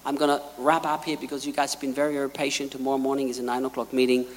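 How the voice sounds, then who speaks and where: A man preaching a sermon, telling stories in an animated way and acting out quotes. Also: mid-range voice, rapid-fire, in a large hall, slight background noise.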